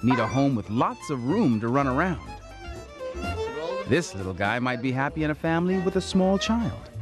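A man giving clear, informative scripted voice-over narration about a pet shelter. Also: medium pitch, very animated, moderate pace, a loud crowd. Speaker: documentary narrator. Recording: loud music playing behind.

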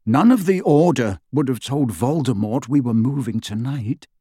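A man's voice: mid-range voice, animated, normal speed, mellow, breathy edge, no room sound, clean studio sound. A man voicing an earnest teenage boy who talks hesitantly.

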